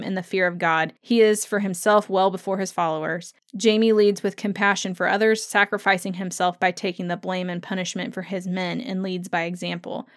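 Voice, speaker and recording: Chatty woman podcast host who laughs often. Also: medium pitch. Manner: chatty, laughs often, acts out scenes with quick voices. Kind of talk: casual podcast commentary, reading listener comments.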